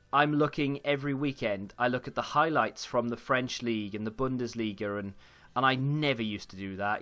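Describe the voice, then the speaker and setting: A man's voice: medium pitch, a bit bright. A young man chatting casually while commentating his own football video game, rambling with frequent fillers and restarts. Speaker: gaming YouTuber.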